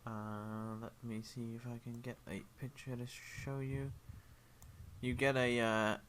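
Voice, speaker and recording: A man narrating as game master for a tabletop game stream, rambling with many ums and quick apologies. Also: mid-range voice, flat delivery, a bit bright, a little hiss or hum. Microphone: headphones with a desk mic.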